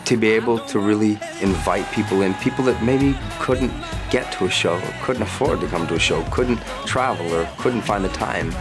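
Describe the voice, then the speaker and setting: A man's voice: lowish voice, normal speed, few pauses, music in the background. A male singer as an interview guest, telling stories in a chatty, playful way. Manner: chatty storyteller, warm and playful. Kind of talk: casual interview chat.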